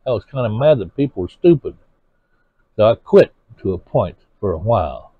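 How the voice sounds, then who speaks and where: A man's voice: fairly low pitch, big pitch swings, normal speed, no echo. A man preaching a sermon to his congregation, earnest and asking them pointed questions. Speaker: pastor. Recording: tinny phone-like sermon recording.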